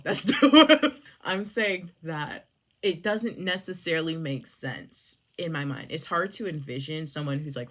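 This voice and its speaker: A woman's voice: low voice, a bit bright. A young woman reviewing books in a sarcastic, rambling, casual chat full of swearing. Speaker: book reviewer.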